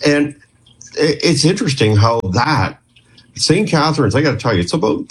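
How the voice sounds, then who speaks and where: Husky-voiced man telling stories. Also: on the high side, expressive, normal speed. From Canada. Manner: rambling, chatty, with frequent restarts and acted quotes. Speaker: guest, former clinician who worked with police. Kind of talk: storytelling interview.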